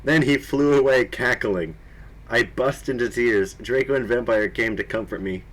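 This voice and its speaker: A man's voice: medium pitch, moderate pace, a bit bright. A young man doing a comedic reading of a story, breaking off to mock the writing. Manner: mocking, breaks to laugh and comment. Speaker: reader and commentator. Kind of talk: comedic dramatic reading with commentary.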